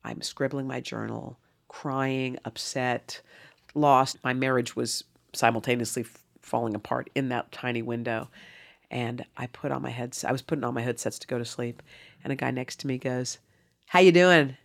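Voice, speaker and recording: Gravelly woman in her fifties. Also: very deep voice, normal speed. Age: 50s. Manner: earnest, animated, acts out dialogue. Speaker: interview guest. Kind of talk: candid personal storytelling.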